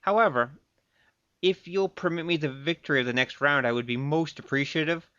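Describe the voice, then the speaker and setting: An actor playing a cocky young male thief who speaks in a wry, playful, quick-witted way, narrating his tale in a radio play. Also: on the high side, sharp tone, clean tone, no room sound, lo-fi sound. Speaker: narrator and lead.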